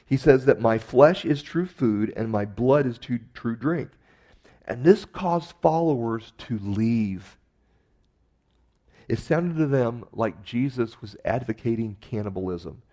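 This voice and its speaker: A man's voice: medium pitch, slow pace, warm tone. A man preaching a sermon in a conversational way, with emphatic rises on key phrases. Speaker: pastor.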